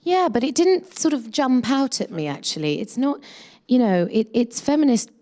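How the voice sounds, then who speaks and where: A woman's voice: a little high, animated, normal speed, warm tone. A woman in her thirties, an actress chatting casually in a press interview, with many fillers and restarts.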